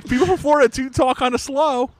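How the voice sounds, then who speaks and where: A man co-hosting a casual chat, talking in a rambling, animated way, swearing and laughing loudly. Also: extremely high pitch, fast, dry recording. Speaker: podcast co-host. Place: New York City.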